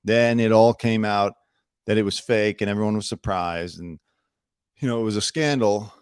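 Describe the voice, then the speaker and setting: A man's voice: on the low side, moderate pace, smooth, dry recording, studio quality. A man hosting his own news commentary show, chatty and opinionated with sarcastic asides. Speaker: host.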